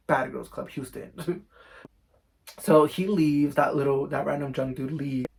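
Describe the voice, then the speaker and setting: Casual vlogger man, gravelly fry, middle pitch, gossipy and profane, filler-heavy bedroom storytime. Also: steady tone, takes it slowly, pauses often, a little hiss or hum. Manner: chatty, profane, says "like" constantly.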